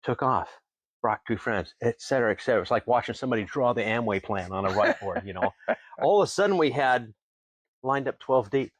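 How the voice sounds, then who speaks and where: A Tenino, Washington distillery owner guests on a casual interview, spinning folksy stories in a medium-pitched, slightly quick voice. He chuckles between lines and acts out what other people said, a lively storyteller caught on a dry recording.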